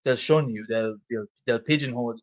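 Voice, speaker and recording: A young man in relaxed pub chat, talking fast and hammering his points home. He swears freely and often repeats a phrase before pushing on. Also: medium pitch, muffled recording. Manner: swearing, emphatic, repeats himself. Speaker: host.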